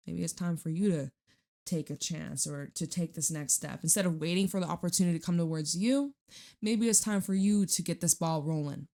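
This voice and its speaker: A woman's voice: fairly low pitch, a little fast, creaky, dark tone. A woman giving a casual tarot reading at home into a microphone, chatty and blunt, swearing and laughing often. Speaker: tarot reader. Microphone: studio microphone.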